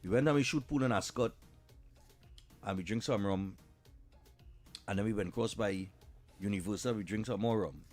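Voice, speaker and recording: A Trinidadian man hosting talk radio, telling a comic story in an animated way and repeating "boy" and "eh" a lot. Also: fairly low pitch, moderate pace, pauses often, faint music behind. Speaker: radio show host. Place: radio studio.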